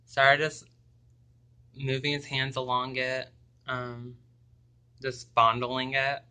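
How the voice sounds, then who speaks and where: A young man telling a personal story to camera, halting and hesitant, with many pauses and ums. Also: mid-range voice, completely flat delivery, bright, forceful tone, smooth. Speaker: vlogger.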